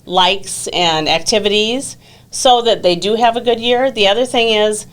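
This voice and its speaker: Woman, podcast guest, relaxed conversational delivery. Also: medium pitch, unhurried. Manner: relaxed, chatty, many fillers. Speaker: exchange student coordinator. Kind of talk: casual podcast interview.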